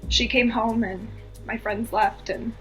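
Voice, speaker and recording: A woman's voice: on the high side, steady tone, measured pace, fairly bright tone, soft background music. A woman from the US East Coast, a podcast guest, telling a personal story earnestly and with feeling, repeating phrases for emphasis.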